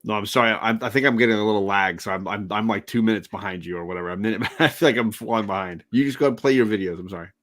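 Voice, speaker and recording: A man guesting on a casual live-stream podcast, with a fairly low voice. He talks fast and cuts himself off with stammered restarts. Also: a bit bright. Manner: quick and self-interrupting, stammers in restarts.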